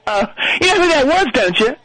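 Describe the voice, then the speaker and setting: A man's voice: very high voice, very animated, a little fast, over music, rough recording. A man playing a dim-witted, boastful Philadelphia stoner who calls in and rambles through his story in a Philadelphia accent. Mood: rambling boastful. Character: brash dim-witted Philly stoner party guy. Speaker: caller. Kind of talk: comedic call-in character bit.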